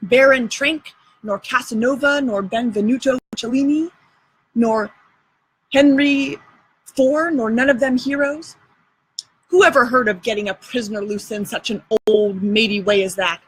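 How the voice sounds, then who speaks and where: A woman's voice: fairly high pitch, measured pace, slightly rough, poor audio. A woman reading aloud and voicing a bossy, show-off boy adventurer in a drawling folksy dialect. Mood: lecturing.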